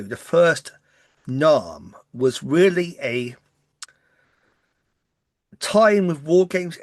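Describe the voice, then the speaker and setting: A man with a softened English West Country accent talks quickly and eagerly, rushing through his thoughts as he gets carried away. His voice sits mid-range and sounds close and dry, with no room around it. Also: medium pitch, no echo. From West Country, England. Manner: fast-talking, excitable. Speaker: podcast co-host. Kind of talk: casual chat.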